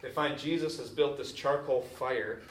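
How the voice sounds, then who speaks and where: A man's voice: mid-range voice, moderate pace, a little hiss or hum. A man preaching a sermon as a pastor, telling a story in a casual, conversational way. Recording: echoey room from a distant mic.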